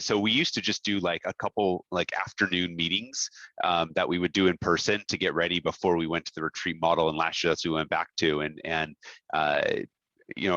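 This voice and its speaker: Deep-voiced man, bright and dry. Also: dry recording, dull audio. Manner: thoughtful, laughs easily. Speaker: camp owner, podcast co-host. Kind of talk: casual podcast conversation.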